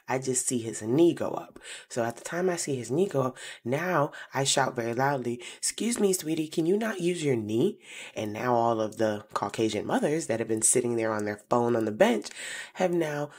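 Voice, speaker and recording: A young woman, telling a personal story on her podcast in an animated way, slowing to hushed asides. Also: a bass voice. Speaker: podcast host.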